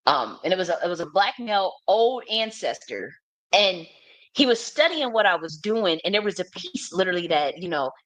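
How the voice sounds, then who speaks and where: In a dry recording, a fairly low-pitched woman speaks at a moderate pace. She's a spiritual reader and teacher, and her monologue about her own life is animated and meandering, full of laughter and unrestrained cursing.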